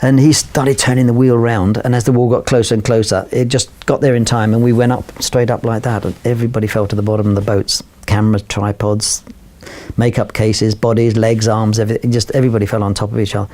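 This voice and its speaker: A man's voice: on the low side, level tone, fast talker, a little mellow. An older man from London, a photographer telling a long anecdote with rambling fillers and restarts. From London, England. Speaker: photographer guest. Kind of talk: anecdotal storytelling.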